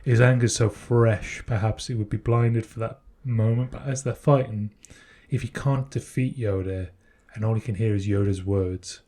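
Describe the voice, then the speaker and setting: A man's voice: on the low side, fairly even intonation, moderate pace, hardly any pauses, warm tone. A man co-hosting a podcast, chatting casually and speculating thoughtfully, often restarting his sentences. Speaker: podcast co-host. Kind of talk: casual chat.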